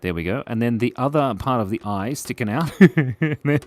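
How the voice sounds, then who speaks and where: He speaks at medium pitch and a moderate pace, sounding animated. Hosting a live drawing stream for kids, the man chats in a silly, playful way as he draws, adding giggles and little voices to his casual commentary.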